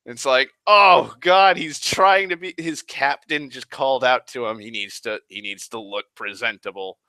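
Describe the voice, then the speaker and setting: A man rambling casually on a live stream, excitable and sweary, sighing often. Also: medium pitch, moderate pace, no echo. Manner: excitable, profane, sighs often.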